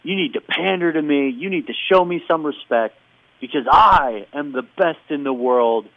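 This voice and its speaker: A man's voice: on the high side, animated, moderate pace, no echo, narrow, tinny audio. A man doing a cocky wrestling villain. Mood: haughty.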